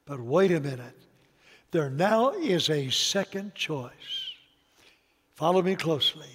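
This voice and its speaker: High-voiced preacher in a reverberant hall. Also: male voice, huge pitch swings, slow, husky. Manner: emphatic, swings between loud and soft. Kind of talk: sermon. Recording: long reverb of a large hall.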